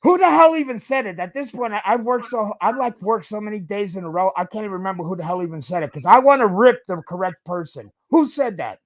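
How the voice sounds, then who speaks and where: A man's voice: high voice, animated, fast talker, few pauses. A man in his fifties, a podcast host, ranting in a casual chat, swearing and tagging his points with "okay?".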